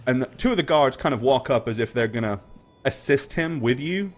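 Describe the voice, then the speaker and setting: A man acting as game master, narrating a tabletop game in a relaxed way with many fillers. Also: medium pitch, a little fast.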